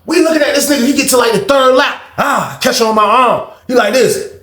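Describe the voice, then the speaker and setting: Brief: young adult man, high-pitched voice, animated storyteller who jumps from mutters to shouts, roomy echo. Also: a little fast. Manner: animated, swings from low mutter to loud shouts acting out quotes. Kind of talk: casual storytime monologue. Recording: echoey room.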